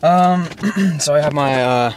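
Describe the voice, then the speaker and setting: A man's voice: on the high side, slow pace. A teenage guy vlogging casually from his car, rambling with many restarts and fillers. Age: teens. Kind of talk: casual daily vlog. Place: inside a car. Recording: distant mic with loud car noise.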